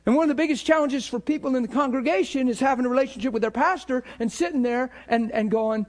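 A pastor delivers a conversational sermon with animation, whispering out imagined thoughts and laughing between his points. His voice is very high and his pace a little fast.

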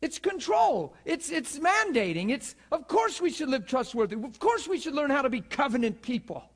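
A man's voice: very high voice, very animated, moderate pace. A man in his forties preaching a sermon with passion, firing rhetorical questions and acting out what people say. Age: 40s.

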